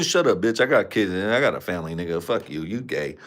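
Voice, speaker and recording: A man's voice: sits low, lively intonation, a little slow. A man hosting a livestream from a room at home, talking crude, rambling trash into a desk mic. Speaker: livestream host. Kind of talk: crude casual livestream chat. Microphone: desk microphone.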